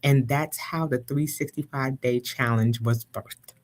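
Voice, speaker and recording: A woman's voice: a bass voice, fairly even intonation, a little slow, darkish tone. A woman guest on a live talk show, speaking reflectively with many "you know" fillers and everyday analogies. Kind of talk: casual conversational interview.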